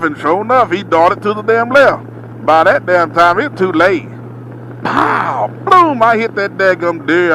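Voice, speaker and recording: Animated trucker spinning a yarn. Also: male voice, high voice, a little hiss or hum, low-quality recording. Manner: animated, drawling, slangy, acts out his own reactions. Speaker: truck driver telling a story. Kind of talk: casual storytime monologue.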